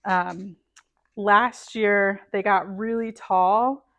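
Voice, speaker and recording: A woman's voice: medium pitch, fairly even intonation, very slow, a bit bright, no room sound. A middle-aged woman chatting casually while planting seeds, thinking aloud and dropping to murmurs as she sorts packets. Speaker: gardening vlogger. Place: home, indoors.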